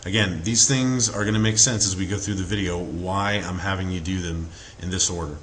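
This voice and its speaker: Low-voiced man coaching with frequent "okay?". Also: fairly even intonation, a little fast, fairly bright tone, a little hiss or hum. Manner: earnest coaching tone, frequent fillers and "okay?" check-ins. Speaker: relationship advice presenter. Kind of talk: instructional talk to camera.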